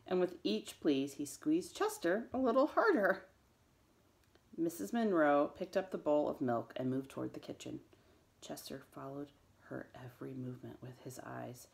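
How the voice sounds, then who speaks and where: Lady librarian doing a lively read-aloud, low voice with some gravel, swoops way up for the kid lines. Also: moderate pace. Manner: lively read-aloud, raising her voice high for the children's lines. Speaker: school librarian. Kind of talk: reading a chapter book aloud to students.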